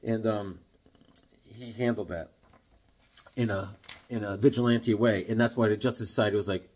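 A man reviewing comics in a casual, excitable, rambling way, full of fillers. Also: fairly low pitch, moderate pace, pauses often.

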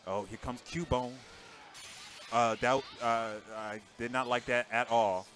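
An excitable man chats casually through live commentary of a fighting game tournament, speaking a little slowly. He veers between shouted outbursts and low mutters, with soft music playing in the background.

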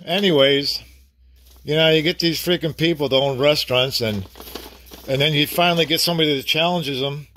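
A man's voice: on the high side, bright, forceful tone. A middle-aged man venting in a blunt, casual vlog rant, swearing freely and talking to the camera. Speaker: vlogger.

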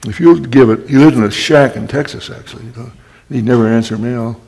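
Older guy telling wry stories at a library talk, raspy, lots of throat clearing, echoey hall. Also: mid-range voice, a little fast, darkish tone. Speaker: guest speaker. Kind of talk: storytelling talk. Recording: long hall reverb.

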